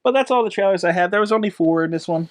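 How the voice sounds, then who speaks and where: A man's voice: sits high, racing, no echo. A young man co-hosting a casual movie review podcast, teasing and questioning his partner. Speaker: podcast co-host.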